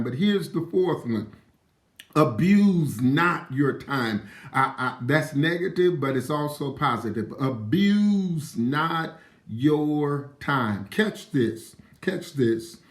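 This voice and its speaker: A man's voice: a little high, roomy sound. A man giving an emphatic, repetitive motivational talk on a live stream, greeting viewers by name as he goes.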